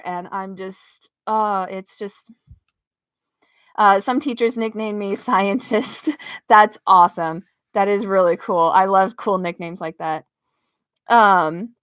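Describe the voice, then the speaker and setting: Gushing proud mom on a dry livestream. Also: female voice, medium pitch, unhurried, fairly bright tone, no echo. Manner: emotional, gushing, laughs often, chokes up. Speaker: livestreaming vlogger, parent. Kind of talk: casual live-stream chat with viewers. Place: her bedroom at home.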